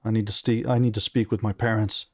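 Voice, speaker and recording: A man's voice: on the low side, flat delivery, fast, a little mellow, no room sound, clean studio sound. A man reading aloud and voicing a determined young male prince who gives firm, commanding orders.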